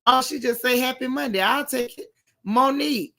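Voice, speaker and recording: Middle-aged lady livestreaming, kinda high voice, chatty and slangy, saying hey to everybody in chat, throat a bit rough still. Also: normal speed. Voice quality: throat recovering. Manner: warm, chatty, Southern-style slang, calls viewers y'all. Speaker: livestream host. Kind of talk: casual livestream chat greeting viewers. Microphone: live stream mic with sound trouble.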